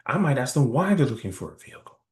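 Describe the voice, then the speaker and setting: A man's voice: mid-range voice, very animated, fast talker, darkish tone, roomy sound. A man giving a sales training talk in a conversational style, often checking in with "right?". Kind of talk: workshop presentation.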